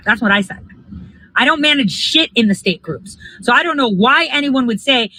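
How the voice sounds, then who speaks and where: A woman's voice: a little high, expressive, fairly quick, pushed and bright, dry recording, poor audio. A woman talking casually to her viewers while out getting coffee, blunt, emphatic and often swearing. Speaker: political organizer vlogger. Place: out and about heading to a coffee drive-thru.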